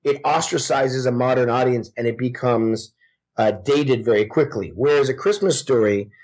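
A man in his forties, a guest actor, telling stories in casual podcast chat with a lively, profane manner. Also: medium pitch, moderate pace. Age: 40s. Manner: profane, animated storytelling.

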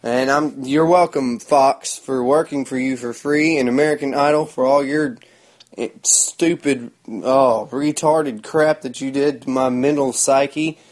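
A man's voice: mid-range voice, fairly even intonation, measured pace, darkish tone. A man, telling a rambling story in a sarcastic, crude, mocking way. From Oklahoma. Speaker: vlogger.

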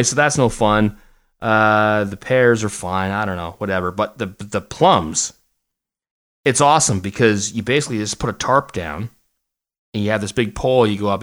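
Rambling low-voiced male podcast host. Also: fairly bright tone. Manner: rambling, joking, many restarts. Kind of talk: casual chat.

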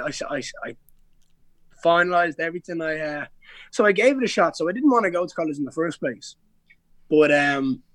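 Young Irish man, slightly high voice. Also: fairly bright tone, no echo. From Ireland. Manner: rambling storytelling with many restarts and slang. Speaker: guest, pro MMA fighter. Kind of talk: casual podcast interview.

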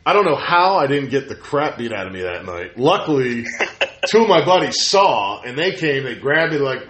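A man chatting casually as a podcast host, telling stories with lively acted-out quotes. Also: mid-range voice, fairly quick. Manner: animated storyteller, acts out quotes. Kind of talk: casual chat. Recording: roomy echo.

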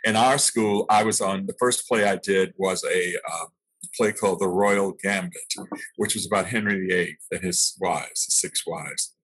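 A man's voice: low-pitched, steady tone, unhurried, a bit bright, husky, rough recording. An older man, an actor being interviewed, telling stories of his early training, reflective and laughing at himself now and then. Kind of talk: storytelling in an interview.

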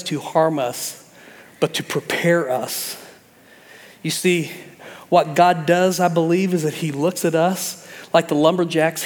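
A man preaching a sermon in an animated way, acting out voices of God and Jonah as he speaks. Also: fairly high pitch, big-room sound. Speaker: pastor.

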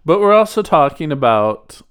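A man co-hosting a podcast, friendly and relaxed, giving a casual intro and chat. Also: fairly high pitch, normal speed, smooth, no echo, studio quality. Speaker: podcast co-host.

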